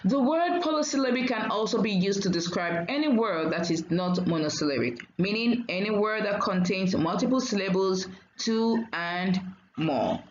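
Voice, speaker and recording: A woman teacher giving a diction lesson, saying each word slowly and clearly and repeating it for learners. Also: mid-range voice, lively intonation, reverberant, highs cut off, slight background noise.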